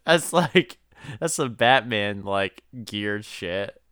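A man's voice: fairly low pitch, expressive, slow pace, fairly bright tone, smooth, no echo, studio quality. A man co-hosting a podcast, chiming in with jokes and laughing a lot. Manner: chimes in with jokes and bursts of laughter. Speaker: podcast co-host. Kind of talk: casual comedic banter.

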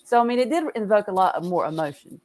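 A woman's voice: medium pitch, lively intonation, fast, darkish tone, no room sound. A woman co-hosting a podcast, thinking aloud in casual chat with lots of fillers. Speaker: podcast co-host.

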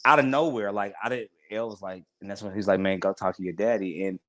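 Guy in his 40s, lowish voice, dry close sound, talks from the heart and keeps restarting himself. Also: steady tone, fast talker, fairly bright tone, no echo. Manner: heartfelt, rambling with many restarts. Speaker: podcast guest. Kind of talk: casual interview chat.

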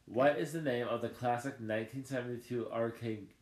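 A man's voice: mid-range voice, steady tone, fairly quick. A man hosting a podcast, tipsy and sleepy, talking in a groaning, dramatic way. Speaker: podcast host. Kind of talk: casual podcast chat. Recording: echoey room.

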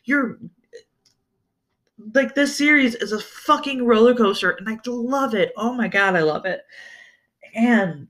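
An unhurried, mid-pitched podcast host talks casually about a book series on their own. They swear freely and get excited, often stumbling and starting sentences over. The delivery stays slow and drawn out throughout. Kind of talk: casual solo book-review chat.

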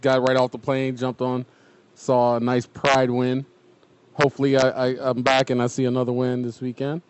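A man co-hosting a casual sports podcast, animated and emphatic in his opinions. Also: mid-range voice, moderate pace, smooth. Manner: animated, talks with emphatic conviction. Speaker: podcast co-host.

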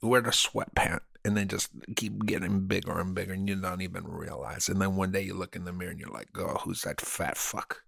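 A man's voice: sits low, fairly even intonation, vocal fry, a bit bright, slightly rough, no room sound, clean studio sound, pitched below the performer's own voice, full character voice. A man in his forties voicing a boastful Hollywood insider, with an exaggerated fake movie-gangster Cuban accent and swaggering brags. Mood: bragging. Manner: swaggering, bragging, drawn-out "man" tags.

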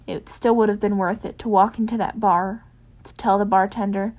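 A woman reads a fan fiction chapter aloud in a soft, unhurried voice. Afterwards she drops into a casual, rambling chat with her listeners, full of ums. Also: mid-range voice, steady tone. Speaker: fanfiction reader. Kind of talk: audiobook narration of fan fiction.

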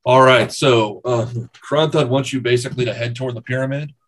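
A man's voice: mid-range voice, fairly even intonation, fairly quick, a bit bright, slight background noise. A man narrating as game master of a tabletop game, in a casual, fillered way with the odd swear word.

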